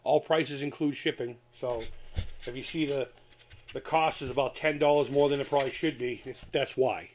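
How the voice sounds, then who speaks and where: A man's voice: medium pitch, steady tone, normal speed, a little hiss or hum. A man hosting a casual live stream from home, rambling and swearing as he reads chat aloud and works on a craft project. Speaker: retro gaming channel host.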